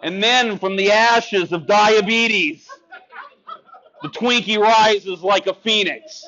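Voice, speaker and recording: A high-voiced man doing stand-up on a club stage, ranting and sarcastic as he talks to the crowd. The recording is dull and lo-fi. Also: takes it slowly, pushed and bright. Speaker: stand-up comic. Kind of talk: stand-up comedy set.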